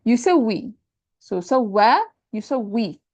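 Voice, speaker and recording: A woman's voice: on the high side, measured pace, darkish tone, no echo, lo-fi sound. A woman teaching Arabic grammar, explaining patiently and checking in with her students. She switches between English and Arabic terms and repeats them often. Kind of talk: lecture on Arabic sentence parsing.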